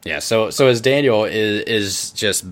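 A man narrating as game master in a tabletop game, relaxed and joking. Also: on the low side, unhurried.

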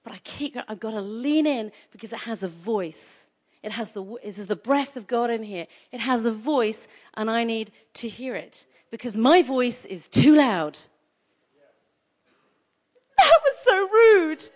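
A woman preaching a sermon in an energetic, conversational way, repeating phrases for emphasis. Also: fairly high pitch, moderate pace.

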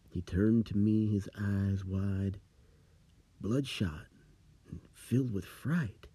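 A man telling a creepy rhyming tale, slow and dramatic. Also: on the low side, mellow, husky, no echo. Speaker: storyteller. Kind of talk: spooky storytelling.

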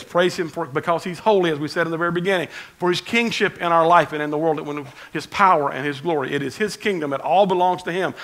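A man preaching a conversational sermon as pastor, swinging between loud emphasis and quiet asides. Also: fairly high pitch, fast talker, hardly any pauses, poor audio.

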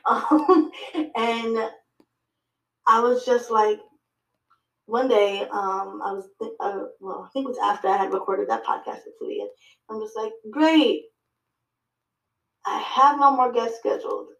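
A woman guesting on a podcast, telling her story in lively fashion, acting out her own dialogue, with many fillers and restarts. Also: mid-range voice, unhurried, pauses often, echoey room, low-quality recording. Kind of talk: casual interview chat.

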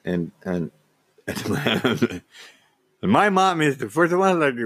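A man telling a personal story casually, halting, with frequent restarts and repeated words. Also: medium pitch, expressive, no room sound. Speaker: vlogger.

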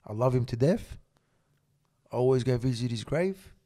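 A man's voice: medium pitch, moderate pace. A middle-aged man, a podcast guest telling stories in casual chat. He talks animatedly, swears a lot and acts out what others said. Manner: animated, swears heavily, acts out quoted dialogue.

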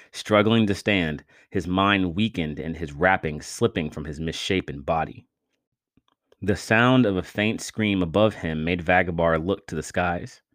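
A man with a very deep voice reads a scripted adventure story, steady and dramatic in his storytelling. The recording is dry and close, with no room sound. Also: no echo. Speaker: narrator.

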